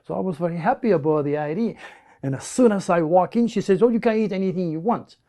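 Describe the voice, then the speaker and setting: A man's voice: high-pitched, fast. A man with a French accent, a native French speaker from the south of France, animatedly recounting personal stories in an interview and acting out what people said. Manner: animated storyteller who acts out quoted speech.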